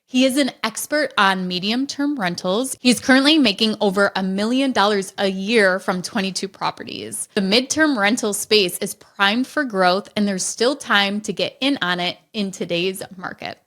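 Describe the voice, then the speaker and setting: A woman's voice: mid-range voice, moderate pace, hardly any pauses, fairly bright tone. Welcoming woman podcast co-host. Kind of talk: scripted intro and interviewing.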